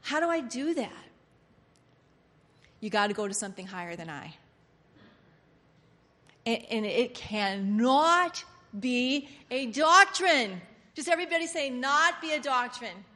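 A woman preaching a sermon, switching from hushed, confiding lines to loud, excited outbursts. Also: a little high, a little slow, long pauses. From Pennsylvania. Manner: animated, swinging from hushed to loud exclamations. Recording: long hall reverb.

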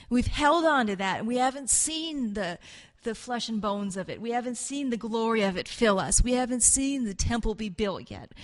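A woman teaching a class in an informal sermon style, earnest and halting, now and then acting out voices of biblical figures. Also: medium pitch, big-room sound. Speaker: Bible teacher.

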